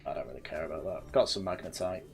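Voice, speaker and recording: A man's voice: low-pitched, fast talker, a little hiss or hum. Young northern English man rambling while gaming. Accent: northern English, slightly posh. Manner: rambling anecdotes with frequent laughs and self-corrections. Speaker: gaming channel host. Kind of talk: casual let's-play chat.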